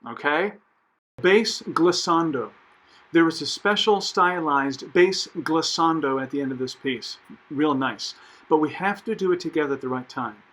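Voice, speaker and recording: A man's voice: on the high side, a bit bright, poor audio. A man directing a choir, explaining phrasing and dynamics step by step, counting beats aloud and singing short examples. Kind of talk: recorded choir instruction.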